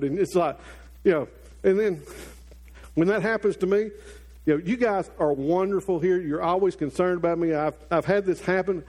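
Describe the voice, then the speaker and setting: A middle-aged man with a notably high voice preaches to his congregation. He tells the story in a lively way and acts out the characters' lines as he goes. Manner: animated storytelling with acted-out quotes. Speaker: pastor. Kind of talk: sermon.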